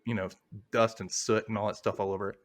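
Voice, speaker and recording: This podcast host talks fast in a lowish voice, recapping scenes casually. He animates the retelling by acting out the characters' lines.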